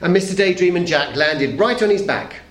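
A middle-aged man reading a children's story aloud to an audience, playful and expressive, dropping very soft for suspense. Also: high voice, moderate pace. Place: talk hall. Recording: echoey hall.

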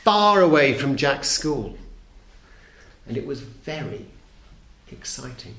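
A middle-aged man reading a children's story aloud to an audience, playful and expressive, dropping very soft for suspense. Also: medium pitch, slow, slight background noise. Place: talk hall. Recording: echoey hall.

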